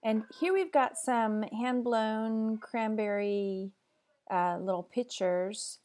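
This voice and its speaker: A woman's voice: fairly high pitch, slow, darkish tone. Chatty Texas woman going over resale sales. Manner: chatty, matter-of-fact, running through prices. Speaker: online reseller. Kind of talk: casual sales update vlog.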